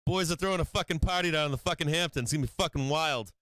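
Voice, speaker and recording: A man's voice: on the high side, fast, a bit bright, no echo. Profane, rambling stream host man. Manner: profane, rambling, laughs often. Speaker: stock trading livestream host. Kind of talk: casual livestream chat.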